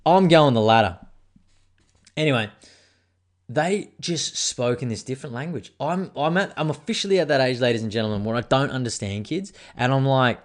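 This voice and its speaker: A man's voice: mid-range voice, animated, normal speed. An Australian man in his thirties hosting a casual podcast, rambling and swearing freely after a few drinks. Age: 30s. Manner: rambling, swearing, tipsy banter. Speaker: podcast host. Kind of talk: casual chat.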